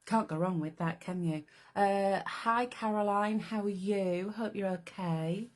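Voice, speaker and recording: A woman's voice: medium pitch, measured pace. A woman hosting a casual live craft stream, chatting away and greeting viewers by name. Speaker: livestream host.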